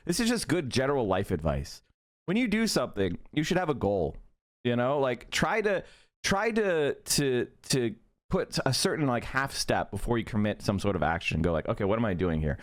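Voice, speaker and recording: A man ranting heatedly and with a lot of swearing while hosting a live stream. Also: mid-range voice. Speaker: streamer host.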